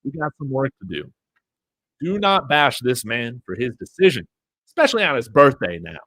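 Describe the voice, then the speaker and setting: A man's voice: mid-range voice, sing-song, moderate pace, fairly bright tone, no echo. Chatty male sports fan host. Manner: chatty, frequent fillers and restarts; addresses viewers directly. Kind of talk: livestream watch-along commentary.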